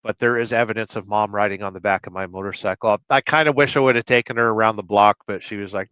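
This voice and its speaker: A man's voice: lowish voice, fairly even intonation, quick pace, hardly any pauses, a bit bright, smooth, no echo. A man hosting a casual livestream, rambling and joking while he reads out viewer comments. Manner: rambling, joking, reads chat names aloud. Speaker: livestream host. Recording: dull, dry sound.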